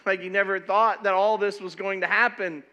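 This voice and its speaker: A middle-aged pastor preaching a sermon in an animated, emphatic way, often stumbling and repeating words as he goes. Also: high-pitched, normal speed, dull audio.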